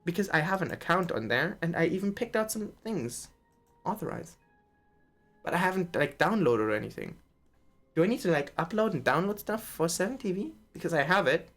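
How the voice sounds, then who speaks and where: Rambling, swearing streamer with lively pitch. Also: soft background music. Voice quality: rambling, swearing, quick to laugh. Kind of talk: casual live-stream chat.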